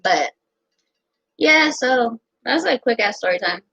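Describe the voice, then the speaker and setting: Young american woman telling a story, cursing a lot, raspy-ish voice, dry room. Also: a little high, slow pace, no room sound. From United States. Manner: profane, animated, quotes others in her own voice. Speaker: vlogger telling a personal story. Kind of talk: casual storytime. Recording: dull lo-fi sound.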